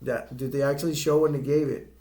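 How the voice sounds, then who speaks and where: A middle-aged man talks through a movie review in a loose, rambling way, with a rough, gravelly edge to his voice. His pitch sits in an ordinary middle range. He stumbles, pauses on fillers and circles back to restart his thoughts as he goes. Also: flat delivery, warm tone.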